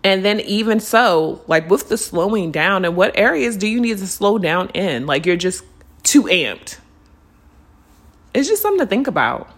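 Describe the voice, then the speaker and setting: A woman hosting a spiritual podcast, talking casually and earnestly to her listeners, calling them y'all and unicorns. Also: medium pitch. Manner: earnest and lively, stretching words when urging listeners to slow down. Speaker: podcast host. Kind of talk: reflective spiritual podcast monologue.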